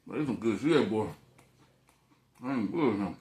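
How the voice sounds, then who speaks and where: A man's voice: lowish voice, lively intonation, normal speed, dark tone. A man vlogging as he eats, telling loose, profane stories in a casual, rambling way. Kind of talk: casual storytelling while eating on camera. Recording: echoey room.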